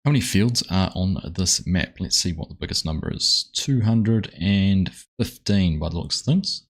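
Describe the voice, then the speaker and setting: Deep-voiced man streaming live. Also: expressive, normal speed, rough recording. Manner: chatty, greets viewers by name; upbeat, friendly greetings. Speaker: game streamer host. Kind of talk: live gameplay commentary.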